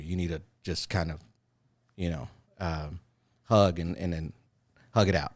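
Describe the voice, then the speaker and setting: A man in his forties with a very low voice shares parenting stories in a relaxed podcast chat. His delivery is animated, slipping into the voices of the people he quotes. The sound is dry and close, with no room echo. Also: unhurried. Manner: animated storyteller who acts out quoted voices. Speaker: podcast co-host. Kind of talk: casual chat.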